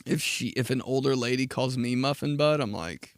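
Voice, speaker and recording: A man's voice: medium pitch, measured pace, pauses often, a bit bright, clear, resonant tone, no echo, studio quality. A young man hosting a solo podcast, telling rambling, profane stories and laughing at his own jokes. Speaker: podcast host. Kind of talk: casual solo podcast monologue.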